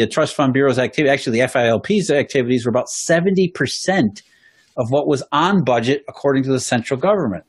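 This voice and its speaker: A man's voice: mid-range voice, husky. A man talking as a guest on a podcast, explaining economic history at length, often restarting and repeating words as he goes. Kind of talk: podcast conversation.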